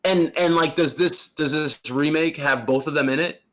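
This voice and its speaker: A man's voice: on the high side, steady tone, normal speed, a bit bright. A man co-hosting a casual podcast, talking in a blunt, joking way and swearing freely. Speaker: podcast co-host. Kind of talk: casual chat about video games.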